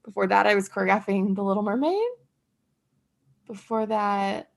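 A young woman in her twenties talks in a relaxed, chatty way, often laughing at herself. Her voice has a noticeable creaky fry at the ends of phrases, and she pads her talk with fillers. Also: medium pitch, normal speed. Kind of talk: casual chat.

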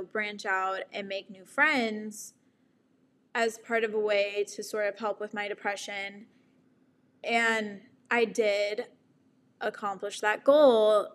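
A woman's voice: mid-range voice, fairly bright tone. A young woman candidly telling a personal story to the camera, reflective and often breaking into nervous laughter.

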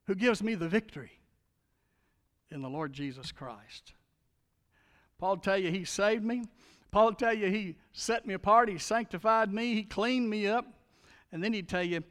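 High-voiced guy preaching, gets loud then drops real quiet, big echoey church hall. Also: moderate pace. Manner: dynamic preaching, swings from shouts to hushed appeals. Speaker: pastor. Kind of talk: sermon.

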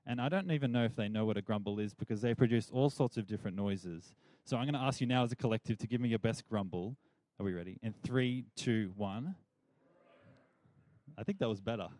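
A man's voice: on the low side, a little fast, darkish tone, no room sound. A young man giving a chatty, playful Bible talk to a youth group and leading them in call-and-response.

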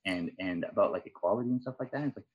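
A man's voice: on the low side, racing, slightly rough, lo-fi sound. A man talking in a casual podcast chat, rambling with many fillers and restarts. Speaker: departing guest.

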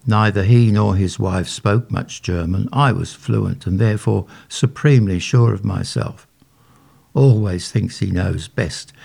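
Gravelly older man reading his story. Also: lowish voice, darkish tone. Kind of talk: first-person story reading.

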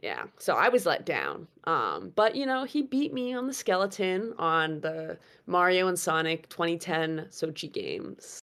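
A young woman telling a personal story in a relaxed chat, her voice sitting a little low for a woman. She talks in an animated way, laughs often, and leans on fillers as she goes. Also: measured pace, hardly any pauses. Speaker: guest storyteller.

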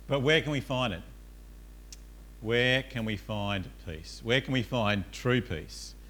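A man's voice: medium pitch, a bit bright. A male pastor giving a conversational sermon in a church, peppered with "uh" and questions to the congregation.

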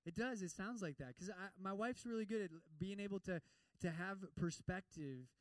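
High-voiced male pastor preaching. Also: normal speed, no room sound, distant mic, rough recording. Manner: lively preaching that acts out prayers in other voices, with humor. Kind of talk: sermon.

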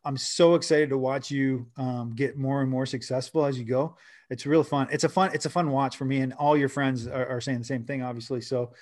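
A man's voice: medium pitch, steady tone, a little fast, a little mellow. A man from Canada hosting a casual podcast interview, talking in a rambling, friendly way with frequent restarts. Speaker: podcast host.

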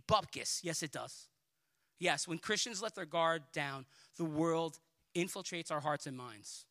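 A man's voice: on the high side, animated, moderate pace, sharp tone. A male pastor preaching a sermon in a passionate, pleading, emphatic way, with colloquial asides and repeated words.

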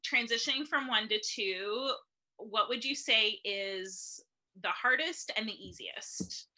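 A woman's voice: fairly high pitch, slow, bright, forceful tone. A woman hosting a casual interview, asking questions and laughing easily.

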